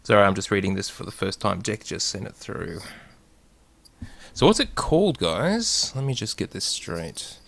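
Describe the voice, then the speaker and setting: A low-voiced man co-hosting a podcast. He chats casually, and his voice swings widely up and down. The recording is dry and close. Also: huge pitch swings, normal speed, gravelly, a bit bright, no echo. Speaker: podcast co-host. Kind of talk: casual chat.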